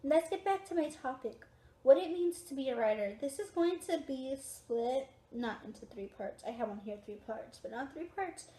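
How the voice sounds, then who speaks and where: A woman's voice: high voice, expressive, normal speed, warm tone, echoey room. A young woman talking casually to her camera from a recliner at home, tired and yawning, repeating her points with emphasis. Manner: chatty, repetitive, emphatic. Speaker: vlogger.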